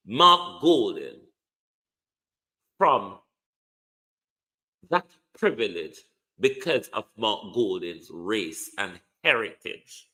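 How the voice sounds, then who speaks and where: A man's voice: mid-range voice, sing-song, takes it slowly, long pauses, fairly bright tone. A Jamaican man hosting a political commentary livestream, preachy and impassioned, hammering key words and answering viewers. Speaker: online show host.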